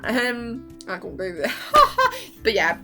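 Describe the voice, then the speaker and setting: A young woman chatting casually as a vlogger, excitable and gushing, laughing often and acting out lines. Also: on the high side, slow, soft background music. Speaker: vlogger reviewing a TV season. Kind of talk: casual chat.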